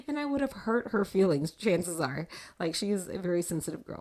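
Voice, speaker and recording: A woman hosting a casual faith talk show, telling a personal story in an animated way and laughing often. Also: mid-range voice, moderate pace. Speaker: podcast host.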